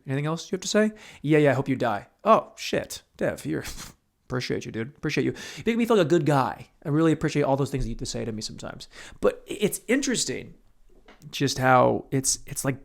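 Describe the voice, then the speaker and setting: A young man hosting a solo podcast, telling rambling, profane stories and breaking into sudden loud outbursts. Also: mid-range voice, vocal fry. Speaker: podcast host.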